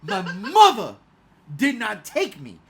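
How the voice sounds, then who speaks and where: Animated man in his forties ranting. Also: takes it slowly, gravelly. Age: 40s. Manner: animated, swings from loud rants to low mutters; swears freely, laughs mid-sentence. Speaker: podcast co-host. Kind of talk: casual chat.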